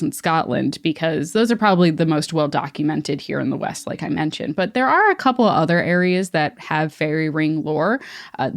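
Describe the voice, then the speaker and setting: A woman co-hosting a podcast, relaying folklore in a chatty, lightly amused way. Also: low voice. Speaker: podcast co-host. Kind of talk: casual chat.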